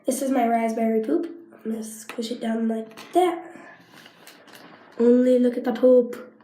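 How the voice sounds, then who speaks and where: A teenage girl with a cold, a cough, and a sinus infection chats and rambles through a casual show-and-tell vlog at home, coughing often and saying "like" a lot. Her voice is on the high side, steady, measured, and warm, recorded in an echoey room.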